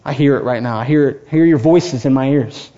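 A man's voice: mid-range voice, brisk, mellow, muffled recording. A male pastor preaching a sermon with passion, acting out the voices of the people he quotes. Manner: impassioned, acts out quoted voices.

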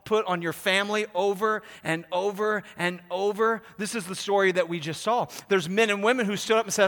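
A man preaching a sermon, swinging from hushed to loud and emphatic, joking with the congregation. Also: high-pitched, moderate pace, hardly any pauses. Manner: jokes with the congregation. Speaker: pastor. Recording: long hall reverb.

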